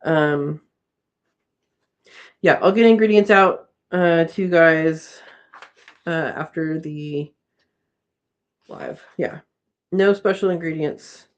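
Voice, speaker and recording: A woman's voice: deep voice, takes it slowly, long pauses, highs cut off. A woman hosting a casual live chat from home, reading viewer comments aloud and laughing often. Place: home, indoors.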